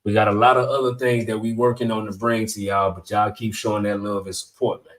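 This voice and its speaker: A man's voice: on the low side, level tone, a little fast. A man hosting a political commentary channel, talking bluntly in slang straight to his viewers. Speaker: channel host.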